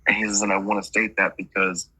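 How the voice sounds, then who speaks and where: A man's voice: fairly low pitch, little pitch movement, fast, pushed and bright, slightly rough, dry recording, rough recording. A man working as a medium, relaying messages in a chatty reading and stringing quotes together with "he's like".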